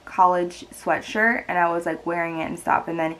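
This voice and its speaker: A woman's voice: on the low side, fairly even intonation, moderate pace, fairly bright tone, poor audio. A woman in her twenties telling a personal story in a casual, chatty way, with a lot of "like" and moments where she gets emotional. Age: 20s. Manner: chatty, heavy use of "like", emotional and teary. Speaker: vlogger.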